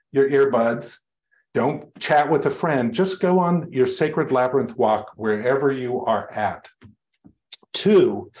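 A male reverend giving a sermon to his congregation, telling stories in a conversational way with light humor. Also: medium pitch. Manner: warm conversational storytelling to a congregation, light self-deprecating humor. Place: church sanctuary.

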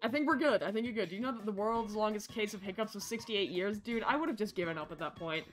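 A woman streaming a game from her basement, chatty and excitable, with game music behind her. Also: mid-range voice, quick pace. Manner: excitable, chatty, bursts into shrieks and laughter. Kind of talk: casual gameplay streaming. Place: home basement.

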